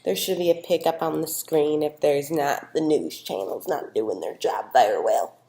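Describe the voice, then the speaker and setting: A chatty Southern woman with a drawling Southern accent rambles through folksy tips, as a young woman plays her. Her voice sits a little low. The room around her rings with echo. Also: moderate pace, mellow. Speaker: guest expert in a mock news segment. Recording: echoey room.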